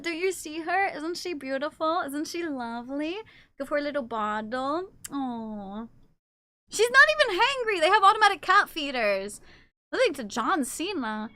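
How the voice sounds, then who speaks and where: High bright-voiced woman cooing at her cats. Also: no echo. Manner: chatty, coos baby talk to her cats. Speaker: streamer. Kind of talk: casual live-stream chat.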